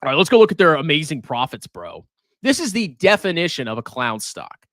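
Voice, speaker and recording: Male stock streamer, sarcastic and insulting, voice swinging high and low, dry close sound. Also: big pitch swings, moderate pace, a bit bright, dry recording. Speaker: personal finance streamer. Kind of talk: live stream stock commentary.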